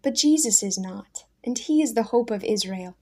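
A humble, calm man of faith, as a woman puts him on while reading a storybook. He speaks slowly and steadily, his quiet conviction never rising to a shout. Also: on the high side. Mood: calm, steady.

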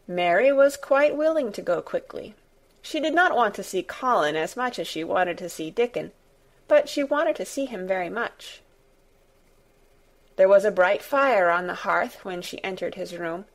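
A woman narrating an audiobook in a measured storytelling manner. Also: medium pitch, animated. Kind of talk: scripted narration.

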